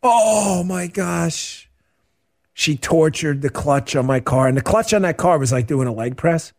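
A middle-aged man hosting a radio talk show, chatting casually and answering listener questions as an animated, joking storyteller. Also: a little high, unhurried, gravelly. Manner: animated, joking storyteller who acts out quotes.

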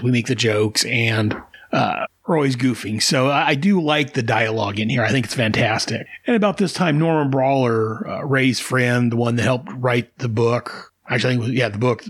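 A man's voice: medium pitch, breathy edge. A man reviewing a comic book in casual commentary. He is enthusiastic, stops and restarts often, and laughs often.

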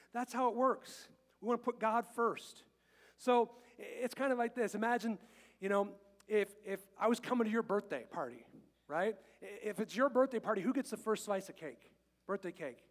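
A middle-aged man preaches a casual sermon in a church sanctuary, mixing scripture readings with jokes and acted-out family moments. His voice sits high, and the room adds a lingering reverb to every phrase. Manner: chatty and joking, quotes scripture, acts out little scenes. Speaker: pastor.

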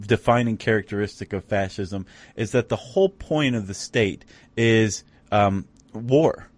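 A man's voice: on the low side, measured pace, dry recording. A man co-hosting a podcast in casual conversation, chatty and wry, often restarting his sentences with fillers. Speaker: podcast co-host.

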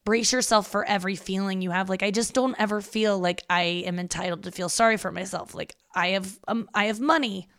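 A woman's voice: medium pitch, fairly even intonation, fairly quick, few pauses, fairly bright tone. A woman in her thirties hosting a podcast, talking candidly and rambling in a self-deprecating way, swearing freely. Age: 30s. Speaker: podcast host. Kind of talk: casual confessional monologue.

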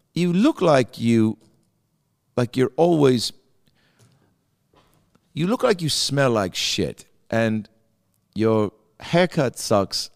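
A man's voice: low voice, dry recording, clean studio sound, big-room sound. A man doing a cruel, profane talent-show judge. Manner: harsh, profane put-downs.

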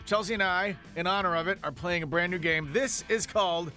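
A man's voice: sits high, fairly quick, bright, forceful tone, faint music behind. A man hosting a morning radio show, running a game with upbeat, casual on-air patter. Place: radio studio.

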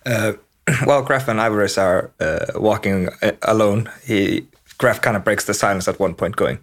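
A man's voice: lowish voice, normal speed, a bit bright. A man playing in a tabletop game, playful and rambling as he talks in character. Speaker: player. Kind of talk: tabletop role-play.

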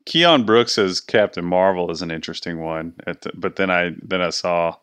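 A man with a very deep, smooth, resonant voice, hosting a casual sports podcast. He muses aloud in a relaxed way and lets his sentences trail off. The talk is loose and unhurried. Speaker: podcast host.

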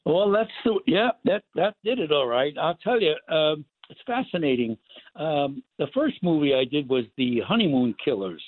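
An older man telling rambling, animated stories as a guest actor, with many restarts. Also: on the high side, normal speed. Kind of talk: casual storytelling interview. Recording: tinny phone line, dry.

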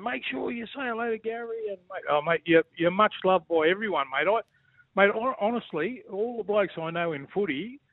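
Rowdy Australian bloke on a phone line. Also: male voice, high voice, no room sound. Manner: boisterous, joking, keeps saying mate. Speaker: phone-in guest, former footballer. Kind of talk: casual banter.

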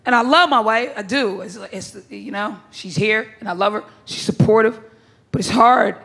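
A woman's voice: mid-range voice, moderate pace, fairly bright tone. A woman performing a stand-up comedy set, brash and blunt, with crude punchlines and bursts of laughter. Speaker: stand-up comic.

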